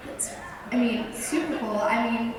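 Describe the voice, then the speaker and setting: A bubbly, giggly young actress answers questions at a fan panel, her chatter tumbling out in casual bursts. Her voice sits a little high and booms around a vast, reverberant hall. The mic sounds distant, with a steady wash of crowd noise underneath. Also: measured pace. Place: large convention hall. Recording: echoey hall from far off, noisy.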